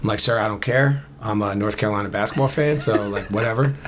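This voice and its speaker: A man's voice: on the low side, fast talker, noisy background. A man in his thirties from Camden, New Jersey, a podcast guest casually telling a long story and acting out both sides of the conversation. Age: 30s.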